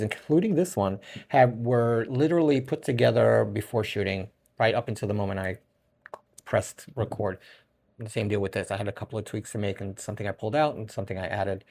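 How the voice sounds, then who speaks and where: A man's voice: fairly low pitch, warm tone. A middle-aged man with a Brooklyn accent hosting a casual solo podcast, rambling and often restarting his sentences. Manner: rambling, self-correcting, chuckles often. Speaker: podcast host.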